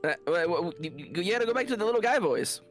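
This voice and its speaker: A man streamer chatting casually and joking during a game, full of quick asides. His voice sits a little high and moves animatedly. Faint music plays behind. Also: expressive.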